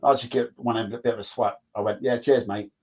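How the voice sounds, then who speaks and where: A man's voice: medium pitch, fairly even intonation, fast talker, a little mellow. A man, a former footballer telling stories in casual chat, rambling and repeating himself. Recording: dull lo-fi sound.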